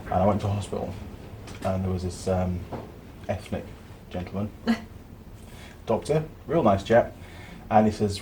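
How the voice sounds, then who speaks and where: Chatty man, lowish voice. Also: normal speed, long pauses, warm tone, slight background noise. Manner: chatty storyteller, swears casually. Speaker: channel host, mechanic. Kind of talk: casual workshop chat.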